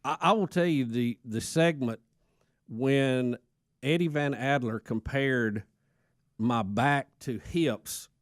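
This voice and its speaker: A man co-hosting a radio show, recounting stories in a relaxed, chatty way. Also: mid-range voice, takes it slowly, no room sound, studio quality. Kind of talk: casual morning show chat.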